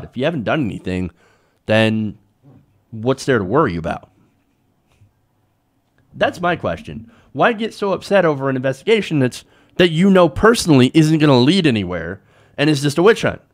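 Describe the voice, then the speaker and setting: Animated sarcastic male political commentator. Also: mid-range voice. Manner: sarcastic, animated, reads quotes aloud and comments. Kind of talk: solo political commentary reading news.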